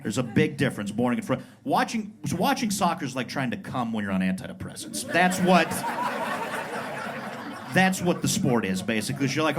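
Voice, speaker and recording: Performing a self-mocking routine at a comedy club, a Pueblo, Colorado man in his thirties puts on brash tough-guy voices. He talks briskly at a medium pitch, with big swings in pitch.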